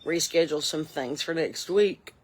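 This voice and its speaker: A woman's voice: low voice, moderate pace. A woman in her forties playing a chatty, folksy mom, rambling on her porch with a drawl. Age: 40s. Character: chatty middle-aged Southern porch mom, nosy and folksy. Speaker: comedy character host. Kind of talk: improvised character monologue. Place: on a porch outdoors.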